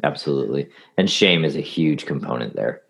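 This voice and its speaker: A man in casual podcast conversation who tells animated anecdotes and gives advice to clients. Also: a bass voice, brisk, vocal fry.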